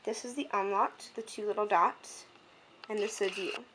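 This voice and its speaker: A young woman tutoring French in a homemade video lesson, explaining clearly and stopping now and then to adjust her camera. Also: mid-range voice, steady tone, normal speed, a bit bright, a little hiss or hum.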